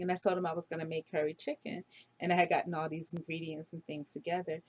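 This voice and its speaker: Low, level, darkish, and slightly rough, this middle-aged woman's voice moves fast. As a dream vlogger, she casually rambles through her dreams in a dream diary monologue, sounding uncertain and often correcting herself amid many fillers.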